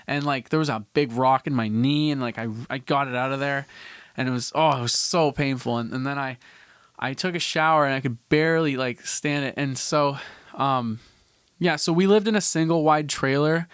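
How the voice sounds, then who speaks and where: A young man from Canada tells a story on his podcast, circling back and restarting his sentences with casual swearing. His voice is smooth and clean, recorded close and dry with no room echo. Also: mid-range voice, moderate pace, fairly bright tone. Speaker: podcast host.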